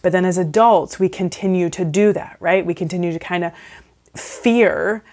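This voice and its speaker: A woman with a fairly low voice talks through advice as a counsellor. Her delivery is casual and conversational. She often asks "right?" and leans on "like" as she goes. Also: moderate pace, a little mellow. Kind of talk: casual advice talk to camera.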